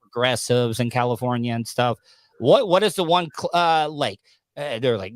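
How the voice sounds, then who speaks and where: A man's voice: medium pitch, expressive, moderate pace, dry recording, studio quality. A man from the States, hosting a casual podcast interview in a jokey, rambling way. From Southern United States. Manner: chatty, jokey, lots of restarts. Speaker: podcast host.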